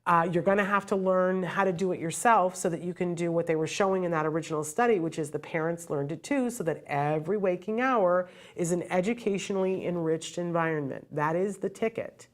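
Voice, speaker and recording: A woman's voice: lowish voice, fairly quick, hardly any pauses. A middle-aged woman host giving earnest, heartfelt advice to parents in a direct, emphatic way.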